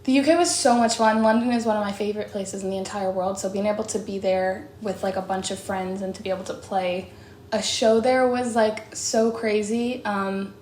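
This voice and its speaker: A young woman singer chats through fan questions in a relaxed, bubbly way, sprinkling in "like" and short laughs. Her voice sits at an ordinary pitch for a woman. The room gives it a noticeable echo, with a faint hum of noise underneath. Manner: bubbly and chatty, many "like"s and quick laughs. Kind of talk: casual chat.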